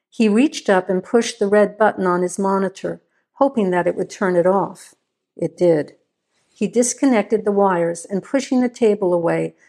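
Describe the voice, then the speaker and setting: A woman reading a suspense story aloud as narrator, in steady, measured scripted narration. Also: medium pitch.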